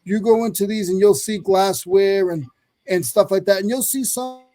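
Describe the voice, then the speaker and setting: A man from North Carolina, a reseller, walking viewers through a website in a rambling, hurried screen-share chat. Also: high-pitched, warm tone. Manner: rambling, fast, self-correcting. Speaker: reseller sharing his screen on a live stream. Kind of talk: casual screen-share walkthrough.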